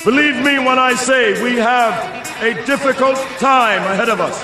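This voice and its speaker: An actor playing a defiant male war leader, shouting a rallying speech to his troops against the machines. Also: very high-pitched, moderate pace. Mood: defiant, rousing. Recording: echoey clip with music and crowd.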